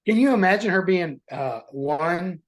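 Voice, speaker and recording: A man's voice: high voice, expressive, a little slow. A man co-hosting a podcast in easygoing political talk. He stumbles and restarts as he works toward his point, then presses it home. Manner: stammers and restarts often when making a point. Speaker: podcast co-host. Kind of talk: casual political chat.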